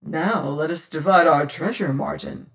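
A reader voicing a shrewd, whimsical old sea rover who speaks in archaic seafaring talk and sometimes drops to a hush, heard from a distant mic. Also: mid-range voice, a little slow, gravelly. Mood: hearty. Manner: archaic seafaring speech, hushed at times. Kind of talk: audiobook character reading.

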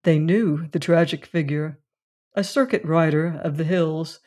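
A narrator reading a classic mystery story aloud in a measured, deliberate way. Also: mid-range voice, a little mellow.

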